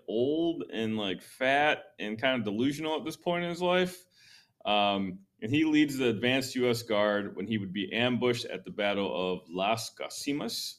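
A man hosting a history podcast, explaining events in a relaxed, conversational way with many ums and likes. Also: mid-range voice. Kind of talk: casual history talk.

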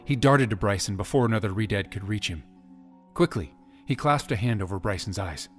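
A man narrates an audiobook in a dramatic storytelling manner. His voice sits on the low side. Faint music plays quietly beneath his reading. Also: expressive, a little fast. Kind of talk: scripted narration.

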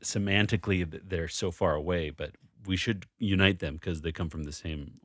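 A man's voice: sits low, normal speed, fairly bright tone, dry recording, studio quality. A man co-hosting a casual chat about a word puzzle, thinking aloud and restarting his sentences often. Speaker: co-host solving a word puzzle.

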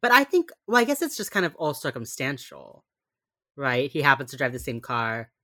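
A young woman co-hosting a casual chat, recapping a TV episode and acting out quotes with sudden loud bursts. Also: rumbling low, very animated, normal speed. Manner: chatty, acts out quotes with sudden yells. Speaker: podcast co-host recapping a TV episode.

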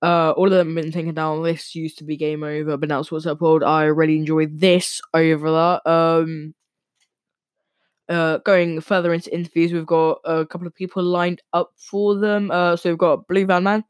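A male podcast host talking casually and very fast, with lots of ums and restarts. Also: a little high, flat delivery, smooth, dry recording, studio quality. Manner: talks very fast with many fillers and restarts. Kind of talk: casual solo podcast talk.

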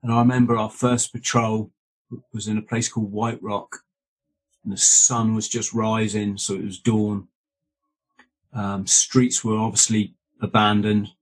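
A man's voice: on the low side, flat delivery, measured pace. A man, a former Royal Marine, earnestly telling his story as an interview guest and often checking in with "right?" and "mate.". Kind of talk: conversational storytelling.

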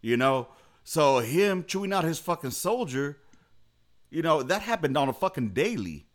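A man's voice: fairly high pitch, sing-song, moderate pace. A young man co-hosting a casual podcast chat over a video call, talking in a blunt, emphatic and profane way. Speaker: podcast co-host.

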